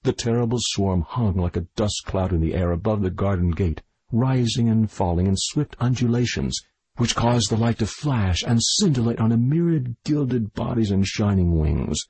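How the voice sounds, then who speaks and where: A man reading a mystery novel aloud in measured scripted narration, with a husky voice. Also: fairly low pitch, animated, darkish tone, no echo, poor audio. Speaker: audiobook narrator.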